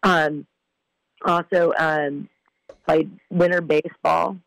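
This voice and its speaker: Brief: woman interview guest from California, gravelly tone, earnest and measured, dry recording. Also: sits low, steady tone, no room sound, low-quality recording. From California, United States. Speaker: guest, former softball player. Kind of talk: casual interview.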